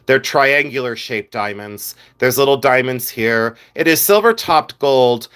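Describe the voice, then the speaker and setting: A man's voice: medium pitch, unhurried, a bit bright, clean tone. Middle-aged male reseller, mid-range voice, frank and fed-up, filler-heavy casual livestream talk. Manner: blunt and exasperated, with frequent "uh" fillers. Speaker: vintage jewelry reseller hosting a livestream.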